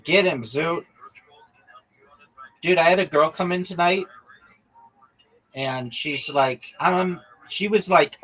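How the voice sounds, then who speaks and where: A man's voice: on the high side, slow pace, long pauses, a bit bright, low-quality recording. A man livestreaming a game, teasing and swearing at his teammates and telling chatty stories in which he acts out both sides of a conversation. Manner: profane, teasing banter with teammates; chatty storytelling, acting out quoted exchanges. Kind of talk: casual gaming livestream chat.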